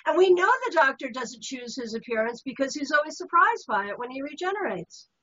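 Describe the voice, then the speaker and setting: Woman, talk show host, casual chat, high voice, lively, upbeat, dull lo-fi audio. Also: a little fast.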